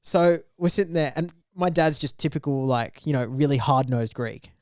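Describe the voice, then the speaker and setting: A young man, co-hosting a podcast and telling a story with lively acted-out dialogue. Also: a little high, moderate pace, smooth, no room sound, clean studio sound. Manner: animated storyteller, acts out quoted dialogue. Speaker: podcast co-host. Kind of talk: casual storytelling chat.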